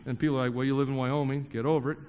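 A man's voice: mid-range voice, level tone, rapid-fire, darkish tone, clean tone, in a large hall. A man preaching a sermon to a congregation, joking with the crowd and emphatically repeating key phrases. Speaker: pastor. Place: church hall before a congregation.

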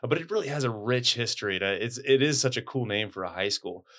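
A man, a high school principal, talking in a chatty, upbeat way with joking asides in a casual interview. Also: animated, fast talker, bright, forceful tone.

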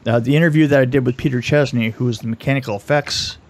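A man co-hosting a casual podcast, telling stories in an animated, jokey way. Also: mid-range voice, fast talker. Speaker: podcast co-host, film effects veteran.

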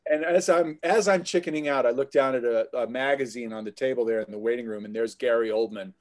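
A middle-aged man is a guest on an interview podcast, sharing stories from his acting career. He talks loosely and conversationally, often breaking off a phrase and starting it again. His pitch sits in the ordinary middle range for a man. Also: quick pace. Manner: anecdotal, restarts phrases often. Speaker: guest actor.

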